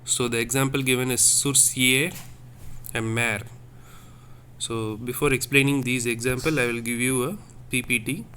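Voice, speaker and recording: A man teaching a French lesson, speaking slowly and repeating words, checking in with "okay?". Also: medium pitch, fairly even intonation, pushed and bright, a little hiss or hum. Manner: slow, repetitive, checks with "okay?". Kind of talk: classroom lesson.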